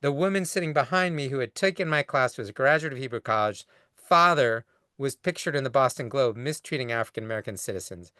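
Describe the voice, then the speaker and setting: A man's voice: medium pitch, animated, fast talker, pushed and bright, dry recording. Male rabbi lecturing over a video call, mid-range voice, rambling and long-winded, dry close sound. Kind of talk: conversational lecture answering a question.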